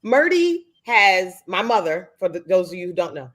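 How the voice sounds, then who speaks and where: A woman co-hosting a casual chat, talking in a lively, emphatic way. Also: fairly low pitch, normal speed. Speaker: co-host.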